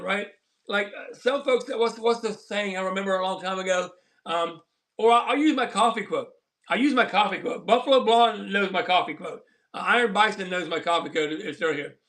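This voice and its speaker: A man hosts a live stream in a high, bright voice. He rambles in an earnest, preachy way, chatting casually with his viewers. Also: normal speed. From southern Colorado. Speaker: livestream host. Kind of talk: casual livestream chat.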